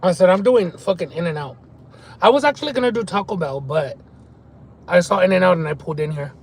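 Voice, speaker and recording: High-voiced man chatting while eating. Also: lively intonation, fairly quick, breathy edge, rough recording. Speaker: mukbang live streamer. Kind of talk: casual live-stream chat while eating.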